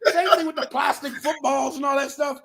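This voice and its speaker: A man in his fifties, a guest on an interview show, telling stories in an animated way and often saying "you know". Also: brisk, creaky. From New Bedford, Massachusetts area. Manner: animated storyteller, acts out others in a lower voice, peppered with "you know". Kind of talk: casual storytelling interview.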